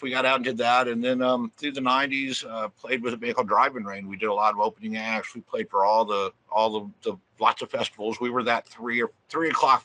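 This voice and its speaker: A man in his fifties from Missouri, telling stories as an interview guest in a rambling way, with many restarts and drawn-out fillers. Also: mid-range voice, pushed and bright, rough recording. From Missouri, USA. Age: 50s. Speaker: record label guest. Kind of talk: casual interview storytelling.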